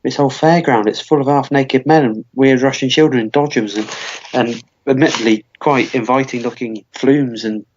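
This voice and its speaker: A man's voice: medium pitch, fairly even intonation, moderate pace, darkish tone, breathy edge. A man in his twenties co-hosting a comedy podcast, rambling through a silly story with lots of fillers and restarts. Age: 20s. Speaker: podcast co-host. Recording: dull lo-fi podcast audio.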